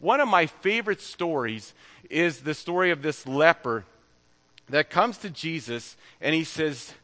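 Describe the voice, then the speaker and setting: A man's voice: fairly high pitch, expressive, unhurried, bright, forceful tone. A man with a nasal voice preaching an earnest, conversational sermon as pastor in a church, then leading a spoken prayer. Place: church sanctuary. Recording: long reverb of a church hall.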